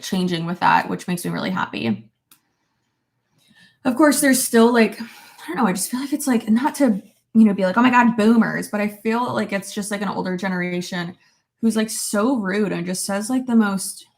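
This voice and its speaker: Young woman vlogger, mid-pitched, loose and chatty, swears freely, peppers her talk with "like". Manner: chatty, full of "like" fillers, swears casually. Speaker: vlogger reading viewer comments. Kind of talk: casual chat. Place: at her desk at home.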